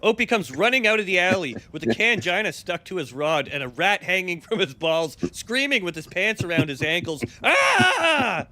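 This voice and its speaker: A man's voice: sits high, lively intonation, fairly quick, few pauses, pushed and bright. A man narrating an improvised role-play story with friends on a live stream. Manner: storytelling, breaks into laughter. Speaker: streamer guest.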